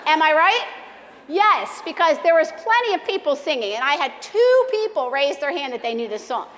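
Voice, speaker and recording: A high-pitched woman gives a casual devotional talk at a church ladies' gathering. She is chatty and self-deprecating and jokes easily with the room. Her voice carries a long reverb from a big sanctuary. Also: big pitch swings, normal speed, a bit bright, slight background noise. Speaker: speaker at a church ladies' meeting. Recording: long reverb of a large hall.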